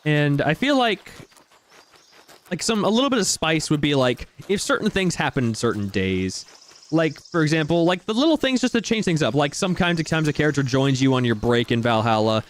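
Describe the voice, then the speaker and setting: A man's voice: on the high side, big pitch swings, moderate pace. Rambling man giving game commentary. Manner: rambling, searches for words, lots of fillers. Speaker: gameplay commentator. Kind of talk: casual let's-play commentary.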